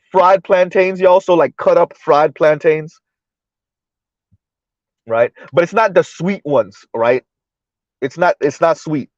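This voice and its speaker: A man's voice: fairly high pitch, dry recording, muffled recording. A man hosting a livestream of political commentary, talking emphatically and checking in with the audience by asking "right?" again and again. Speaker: livestream host.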